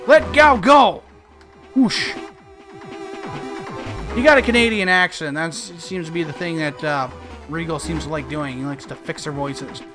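A man's voice: fairly high pitch, fairly quick, sharp tone, faint music behind. A man doing casual let's play commentary, joking, swearing and talking back at the game.

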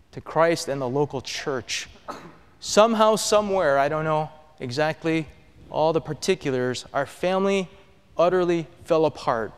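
A middle-aged man giving an earnest personal testimony to an audience, his voice dropping low and soft on painful memories. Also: clear, resonant tone. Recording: long hall reverb.

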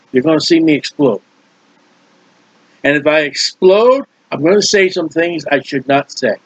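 A man's voice: sits high, a bit bright, slightly rough, no room sound. A male preacher teaching from the Bible in a conversational, emphatic way, repeating words for stress and adding folksy asides. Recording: dull, dry lo-fi recording.

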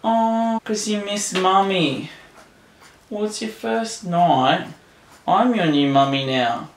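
A man chatting to his new puppy at home at night in soft, doting baby talk, often shushing it. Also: sits high, slow pace. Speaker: vlogger. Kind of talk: casual chat with a new puppy. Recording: roomy echo, faint room noise.

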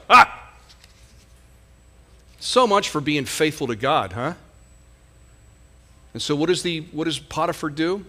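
A man's voice: on the high side, animated, slow, long pauses, sharp tone. A male pastor giving a conversational sermon, often asking the congregation rhetorical questions.

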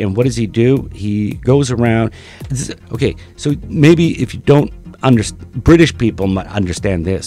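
Low-voiced man ranting profanely. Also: darkish tone. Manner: profane, sneering, halting with fillers. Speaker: commentary video host. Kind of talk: ranting commentary.

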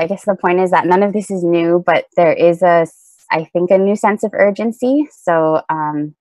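A woman with a low voice gives an earnest, prepared talk over a video call. Her delivery is dotted with ums, and the sound is dry and close. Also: darkish tone, no room sound. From Hawaii. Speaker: panelist. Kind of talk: prepared talk at an online teach-in.

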